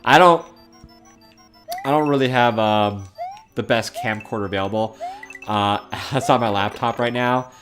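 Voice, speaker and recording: A man's voice: medium pitch, a little slow, pauses often, over music. A young man streaming a game from home, chatting casually, rambling and laughing as he reads chat comments aloud.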